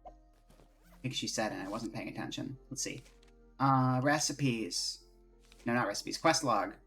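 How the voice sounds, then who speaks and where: Chatty, rambling man with a bright voice. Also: mid-range voice, normal speed, breathy edge, faint music behind. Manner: rambling, chatty, self-mocking. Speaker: streamer. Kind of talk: casual live-stream chat while playing.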